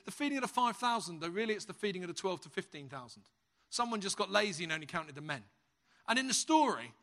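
A British man delivers a sermon with a bright, ringing voice that sits high for a man. He tells stories with comic timing and lively energy. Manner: humorous, lively storyteller. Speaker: preacher.

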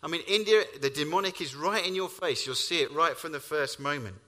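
Bright-voiced male preacher in a hall. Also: fairly high pitch, brisk. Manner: storytelling, emphatic, rising on key lines. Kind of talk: sermon. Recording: hall reverb.

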